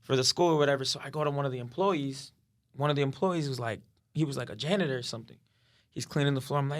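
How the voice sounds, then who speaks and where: A man's voice: mid-range voice, lively intonation, fast talker, a bit bright. A man as a podcast guest telling a story in casual talk, acting out what others said and swearing freely.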